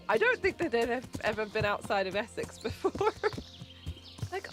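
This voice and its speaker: A woman's voice: fairly high pitch, lively intonation, normal speed, long pauses, music in the background. A woman with a light English accent, chatting casually on a livestream, laughing often and mumbling a bit. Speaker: streamer.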